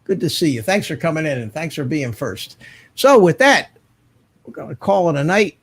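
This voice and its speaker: A man's voice: fairly high pitch, fast talker. An older man hosting a live online drone show, chatting casually and thanking viewers one by one. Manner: relaxed, chatty, thanks chat members by name. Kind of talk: casual live-stream chat.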